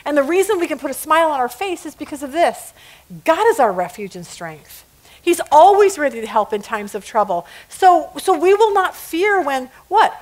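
A woman's voice: high-pitched, big pitch swings, moderate pace. A middle-aged woman teaching a women's Bible study, telling stories and acting out quotes, laughing at her own jokes.

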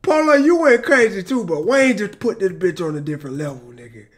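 Hyped-up man shouting his reactions. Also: high voice, fairly quick. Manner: excitable, shouts and exclaims over the track; hyped, emotional, talks straight to viewers. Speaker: music reaction YouTuber. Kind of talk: casual reaction commentary.

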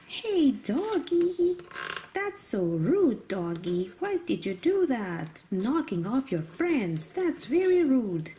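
A woman narrating pretend play with toys, talking gently and sing-song, as if to a small child. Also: high-pitched, big pitch swings, slow pace, slight background noise.

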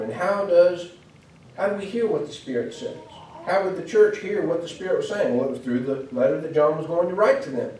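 Preacher, male, earnest teaching tone, mellow voice, echoey church from far off. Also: fairly high pitch, a little fast, a little hiss or hum. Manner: earnest, explanatory, with frequent restarts and fillers. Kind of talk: sermon. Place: church hall.

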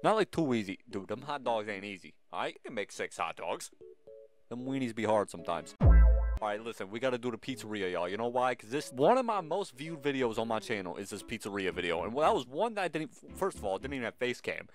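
A man's voice: mid-range voice, sing-song, fast talker, faint music behind. A man hosting a gaming channel, giving casual gameplay commentary and playfully bantering with the game's customers.

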